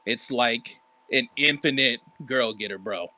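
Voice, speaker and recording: A man voicing a slick animal hustler character who puts on a fake accent to pitch a deal. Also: unhurried, pushed and bright, dry recording. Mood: hustling. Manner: smooth-talking salesman with a put-on fake accent. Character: slick smooth-talking male hustler character.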